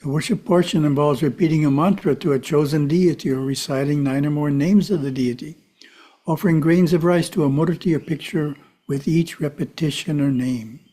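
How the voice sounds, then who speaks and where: A man giving a calm, measured spiritual teaching talk, with side remarks to his listeners. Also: fairly high pitch. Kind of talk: teaching talk to a live audience.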